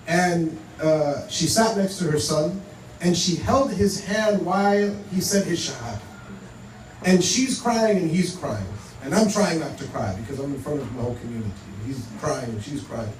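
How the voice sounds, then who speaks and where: At a normal pace and with a slightly high voice, a Muslim man addresses a community audience in a conversational talk full of stories, acting out dialogue in quoted exchanges. The audio comes from a distant mic in a roomy hall, with a faint hum.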